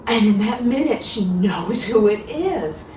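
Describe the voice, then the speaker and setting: Lively woman telling a Bible story. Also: measured pace. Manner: expressive, warm-voiced storyteller with big pitch swings. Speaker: children's worship leader. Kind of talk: animated Bible storytelling for children. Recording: echoey room, distant mic, faint hiss.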